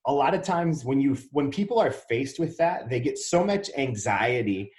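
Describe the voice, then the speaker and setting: Guesting on a podcast in Dallas, Texas, this Wisconsin-born real estate investor tells his story casually and acts out the lines he quotes. He speaks at normal speed with a mid-range, slightly mellow voice and lively intonation, and the room gives off a noticeable echo.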